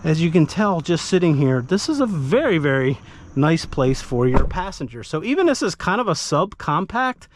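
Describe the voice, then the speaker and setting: A man's voice: fairly high pitch, normal speed. A man hosting a casual car review, talking conversationally as he walks around and sits in the vehicle. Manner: conversational, animated, acts out buyer dialogue.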